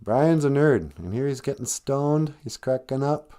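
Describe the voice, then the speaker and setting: A man's voice: mid-range voice, animated, measured pace, warm tone. A man hosting a live stream, retelling a film in a rambling, chatty way. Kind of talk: casual storytelling.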